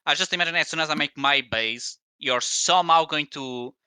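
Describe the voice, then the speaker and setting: A man's voice: on the high side, fairly quick, bright, forceful tone, clear, resonant tone, dry recording. A man in casual post-game chat who jokes and laughs in the middle of his sentences. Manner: joking, laughs mid-sentence. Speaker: tabletop game player.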